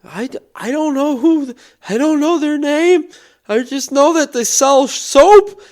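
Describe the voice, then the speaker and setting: A man's voice: extremely high pitch, a little slow, voice pushed up. A man playing a nervous, timid male stranger who stammers.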